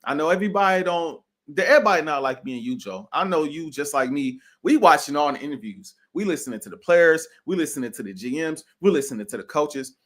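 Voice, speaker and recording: A fast-talking man with a voice on the high side co-hosts a sports podcast, barely pausing. He's slangy and animated, says "bro" constantly, and delivers emphatic, opinionated takes.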